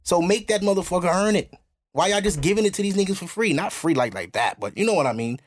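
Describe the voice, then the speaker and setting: A young man hosting a podcast, talking bluntly and preaching in a loose, casual way. When he quotes other people, he mimics them in high, mocking voices. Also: animated, fast. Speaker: podcast host.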